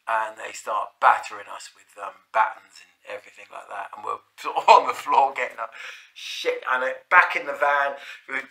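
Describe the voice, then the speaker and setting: A man's voice: mid-range voice, fairly even intonation, moderate pace, gravelly, crowd noise. A man with a South London accent telling a rambling, sweary anecdote full of restarts and fillers. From South London, England. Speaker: storyteller. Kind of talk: casual anecdote.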